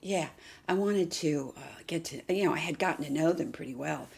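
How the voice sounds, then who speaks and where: Gravelly low-voiced woman doll vlogger. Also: fairly quick. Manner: coos softly to a doll, often half-whispered. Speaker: doll collector and channel host. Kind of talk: casual vlog chat.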